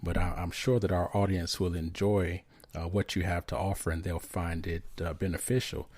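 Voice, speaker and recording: A man hosting a podcast and interviewing a guest in a friendly, halting way with some restarts. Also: low-pitched, little pitch movement, darkish tone, dry recording. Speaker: podcast host.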